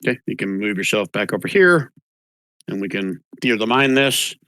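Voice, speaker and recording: Game master guy, lowish voice, bright tone, dry close sound. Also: brisk, no echo. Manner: relaxed narration with small restarts, calls for rolls. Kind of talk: narrating a tabletop game.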